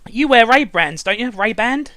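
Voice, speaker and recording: A man's voice: extremely high pitch, expressive, normal speed, bright, forceful tone, no room sound. A man hosting a casual review chat, ranting sarcastically and swearing often. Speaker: show reviewer and host.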